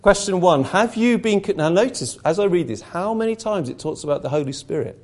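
A man's voice: high voice, animated, brisk, hardly any pauses, darkish tone. A man preaching a sermon, earnest and emphatic, reading questions aloud to his congregation.

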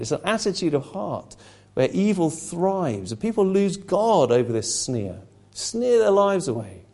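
A man's voice: a little high, a little mellow. A man preaching a sermon, impassioned and rhetorical, slipping into mocking asides.

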